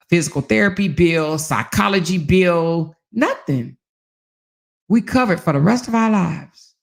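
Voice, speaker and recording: A woman hosting a casual talk channel, telling stories to her viewers with animated delivery, frequent laughs and casual swearing, acting out the lines she quotes. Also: lowish voice, creaky. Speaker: host.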